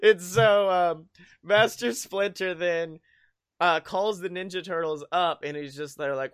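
Unhurried and clear, this man's high, resonant voice carries a podcast where he rambles through a movie recap, cursing and laughing often along the way.

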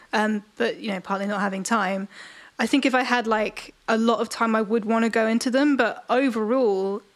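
A woman co-hosting a music podcast, talking in a casual, animated way and laughing often. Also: fairly high pitch. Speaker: podcast co-host and music reviewer. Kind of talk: casual chat.

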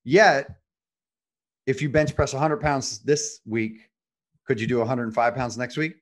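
A man's voice: medium pitch, fairly even intonation, a little slow. A man hosting a podcast, coaching with a motivational tone and frequent rhetorical questions. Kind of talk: conversational podcast.

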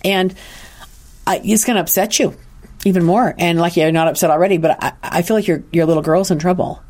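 Earnest low-voiced woman telling a story. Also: fairly quick. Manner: earnest, animated retelling with frequent restarts. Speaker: intuitive counselor. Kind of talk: podcast monologue, personal storytelling.

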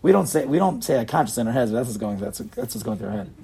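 Very husky, passionate man teaching faith. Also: medium pitch, big pitch swings, very fast. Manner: passionate, emphatic, bursts into loud urging; talks straight to listeners with rhetorical questions. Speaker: Torah teacher giving a class. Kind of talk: lively class on faith to a group.

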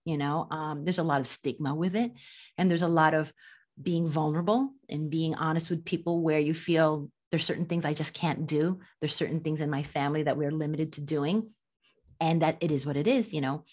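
A woman's voice: low-pitched, fairly quick, a little mellow, husky. A middle-aged woman speaking as a guest in a candid interview, heartfelt and earnest, often restarting her sentences. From United States. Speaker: estate planning attorney, podcast guest.

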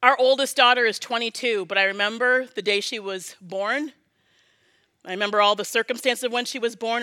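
A woman in her forties preaching a sermon as pastor, earnest and personal, often dropping to a soft prayerful hush. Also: mid-range voice, clean tone, dry recording. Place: church sanctuary.

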